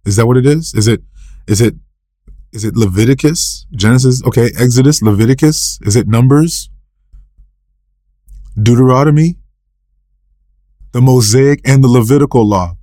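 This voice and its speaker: A man's voice: normal speed, pauses often, mellow, no room sound, studio quality. A man preaching a sermon, asking and answering his own questions and rising sharply for emphasis. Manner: asks and answers his own questions, repeats scripture quotes; rises sharply in pitch and volume for emphasis. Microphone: recorded for a podcast.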